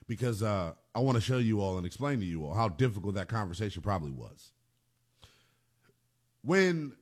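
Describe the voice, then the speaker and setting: A man's voice: medium pitch, a bit bright. A man hosting a sports talk radio show, delivering an emphatic monologue and repeating phrases for punch.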